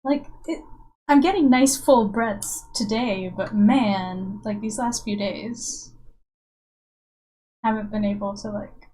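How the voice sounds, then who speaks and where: A woman's voice: mid-range voice, takes it slowly, dark tone, low-quality recording. A woman streamer and comic artist in casual, rambling live-stream chat with her viewers, self-mocking and chatty.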